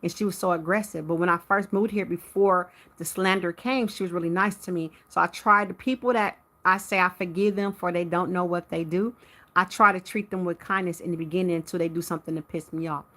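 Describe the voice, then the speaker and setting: Bright-voiced woman telling a heated story. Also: on the low side, fairly quick. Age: adult with a teenage son. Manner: heated, animated retelling of a neighbor dispute; addresses viewers directly. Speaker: livestream host. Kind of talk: live-stream storytelling to viewers.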